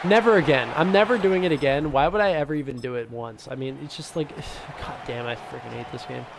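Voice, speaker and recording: A young man giving casual, excitable commentary over a football video game, swinging between hype and grumbling. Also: medium pitch, brisk, creaky, crowd noise. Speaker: gaming YouTuber. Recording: noisy background.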